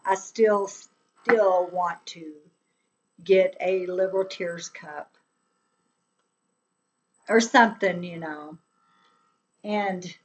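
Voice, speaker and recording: A woman chats slowly and loosely to her live stream viewers, laughing often as she rambles along. Her voice sits at a middle pitch, and a faint noise hums underneath. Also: fairly bright tone, rough recording. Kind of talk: casual political chat on a live stream.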